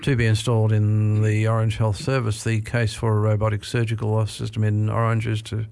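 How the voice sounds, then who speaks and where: A man's voice: lowish voice, completely flat delivery, a little fast, vocal fry, a little mellow, dry recording. A man presenting a talking newspaper show on community radio, reading an article with frequent "uh" and "um" fillers. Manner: hesitant, with many "uh" and "um" fillers. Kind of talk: hosting a talking newspaper program.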